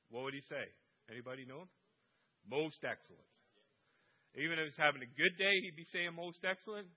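A man's voice: a little high, highs cut off. Man preaching with jokes. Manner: humorous storytelling with quoted voices. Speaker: guest preacher. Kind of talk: sermon. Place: church.

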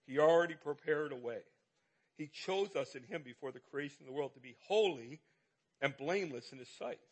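A man's voice: on the high side, expressive, brisk. A middle-aged man, a pastor, preaching a conversational sermon with lots of repetition and rhetorical questions.

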